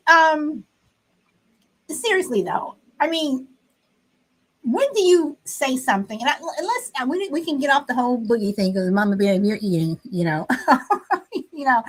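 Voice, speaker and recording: A woman's voice: on the high side, rough recording. A woman hosting a casual live stream, chatting with many fillers and reading out viewers' comments.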